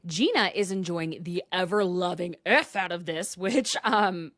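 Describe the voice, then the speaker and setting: A woman's voice: on the low side, measured pace, fairly bright tone, no echo, studio quality. A young adult woman hosting a podcast, recapping in a casual, dramatic way and dropping into whispered asides. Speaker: podcast host.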